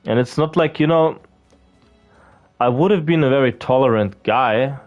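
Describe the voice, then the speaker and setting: A man's voice: medium pitch, moderate pace, dull audio. Rambling, profane man over game music. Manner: rambling, profane, lots of fillers and restarts. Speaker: gaming video creator. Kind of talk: casual gameplay commentary.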